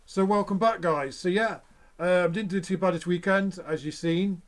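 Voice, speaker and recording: A young man talks straight to his viewers in a loose, rambling way, cursing freely as he vents. His voice sits a touch higher than most men's. The delivery is casual chat, unscripted and meandering. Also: moderate pace. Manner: rambling, swears often, frustrated. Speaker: vlogger.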